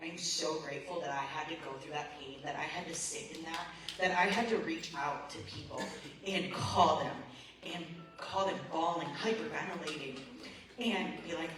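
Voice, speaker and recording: A woman's voice: low-pitched, normal speed, a crowd in the background. A woman sharing her recovery story at a support meeting, emotional and rambling with lots of "like" and "man". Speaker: recovery group member. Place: meeting room. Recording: very echoey room, voice far from the mic, background noise.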